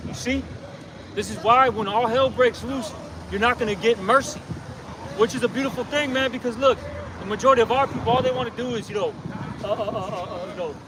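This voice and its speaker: High-voiced man preaching hard on a street. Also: brisk. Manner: confrontational, emphatic, punctuates with "okay?". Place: outdoors on a city street. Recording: distant outdoor recording with street noise.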